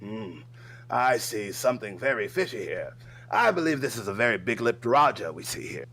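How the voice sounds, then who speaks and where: A man putting on a pompous, stuffy fancy gentleman with overly formal, mock-posh diction as a comedy bit on a livestream. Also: fairly high pitch, huge pitch swings, quick pace, a little hiss or hum, exaggerated voice.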